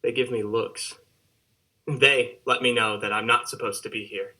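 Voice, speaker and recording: A man's voice: medium pitch, steady tone, moderate pace, sharp tone, natural voice. A man acting an earnest, wistful young soldier reading a letter home in a theatre monologue. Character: young soldier, homesick and out of place. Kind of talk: theatre monologue over video call.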